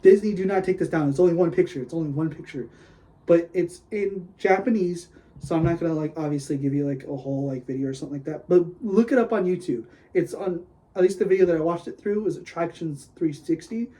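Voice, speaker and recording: A man hosting a casual solo podcast, rambling excitedly with lots of "like" and "dude", gushing one moment and griping the next. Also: a little high, brisk, rough recording. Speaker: podcast host.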